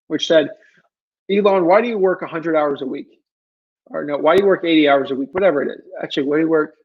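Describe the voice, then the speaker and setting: A man's voice: fairly high pitch, a little mellow, slightly rough, muffled recording. A man hosting a casual livestream Q&A, rambling and pleading, with many ums and restarts. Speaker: livestream Q&A host.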